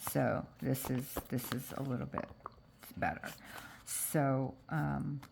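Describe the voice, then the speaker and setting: A woman's voice: extremely low pitch, steady tone, slow pace, vocal fry, a little mellow, a little hiss or hum. A woman with a stuffy, congested voice from allergies, chatting casually through a crafting tutorial with frequent fillers. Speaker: junk journal crafter.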